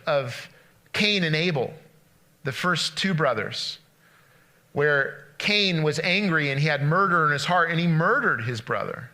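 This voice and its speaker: A man preaching a casual, story-driven sermon in a bright, forceful voice pitched a little high. He talks in quick bursts and often restarts his phrases as he acts out the story. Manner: animated storytelling with frequent restarts. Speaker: pastor. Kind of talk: conversational sermon, retelling a story.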